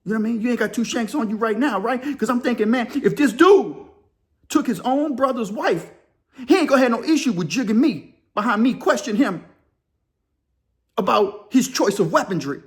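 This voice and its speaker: A man's voice: extremely high pitch, lively intonation, normal speed. A man hosting a crime and prison storytelling channel, talking casually in street slang and pressing his points with pointed rhetorical questions.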